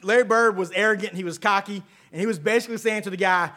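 A man's voice: sits high, fairly even intonation, fast, sharp tone. A man preaching a casual, conversational sermon, folksy and chatty with asides and frequent check-ins with his listeners.

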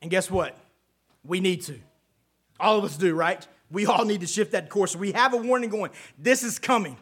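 A man's voice: sits high, moderate pace, slightly rough. A man preaching a casual, conversational sermon, folksy and chatty with asides and frequent check-ins with his listeners.

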